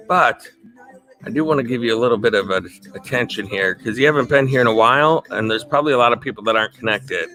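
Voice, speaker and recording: A man's voice: mid-range voice, bright, forceful tone. A man hosting a casual live stream, upbeat, greeting viewers by name and chuckling often. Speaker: livestream host.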